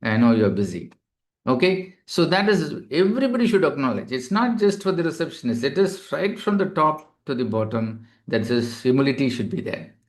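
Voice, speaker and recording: A male doctor giving a webinar lecture to healthcare staff, explaining patiently and filling pauses with "you know". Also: a little high, very animated.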